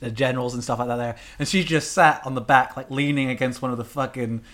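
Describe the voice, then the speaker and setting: A man's voice: medium pitch, fairly even intonation, fast, fairly bright tone. A man co-hosting a podcast, talking animatedly, swearing and acting out silly voices. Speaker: podcast co-host. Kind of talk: casual chat.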